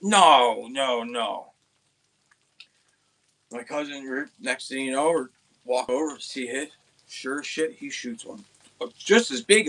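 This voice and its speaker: A young man from Pennsylvania, hosting an outdoors channel, telling a rambling, excited hunting story with many restarts. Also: mid-range voice. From Pennsylvania, USA.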